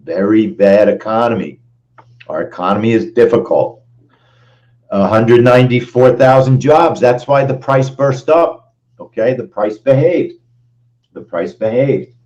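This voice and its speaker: A man hosting a live trading stream in an emphatic, animated way, repeating lines for stress. He speaks slowly in a mid-range voice. The sound is dull and lo-fi. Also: medium pitch. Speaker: trading show host. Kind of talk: live-stream trade recap.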